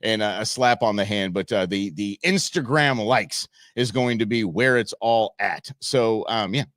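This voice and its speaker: A man's voice: on the low side, a little slow, a bit bright, dry recording. Rambling male host with dry sound. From United States. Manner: rambling, chuckling, with many fillers. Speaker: show host. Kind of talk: casual commentary on viral videos.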